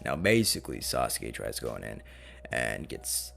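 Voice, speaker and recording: A man's voice: extremely low pitch, big pitch swings, normal speed, creaky, fairly bright tone. A man casually narrating a fan what-if story in a profane, rambling, slangy way. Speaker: channel host.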